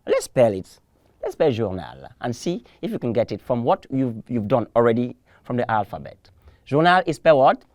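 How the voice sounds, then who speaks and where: A man's voice: mid-range voice, wildly swooping pitch, normal speed, no room sound. A man teaching a televised French lesson, drilling words through repetition and call and response.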